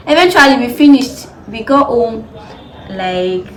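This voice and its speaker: A woman's voice: a little high, expressive, unhurried. A young woman in her twenties with a Nigerian English accent, telling stories in a chatty, laughing vlog. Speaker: vlogger. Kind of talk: casual storytelling vlog. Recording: echoey room with crowd noise behind.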